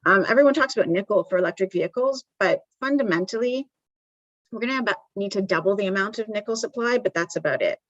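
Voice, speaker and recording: Woman, conference speaker, conversational, lots of ums, mid pitch, muffled lo-fi recording. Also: fast, no echo. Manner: conversational, many ums and restarts. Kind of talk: live conference presentation. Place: conference venue.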